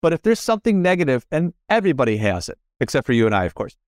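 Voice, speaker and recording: A man's voice: on the high side, very animated, very fast, dry recording, studio quality. A middle-aged man talking as a podcast guest in casual conversation, earnest and repetitive, often correcting himself mid-sentence.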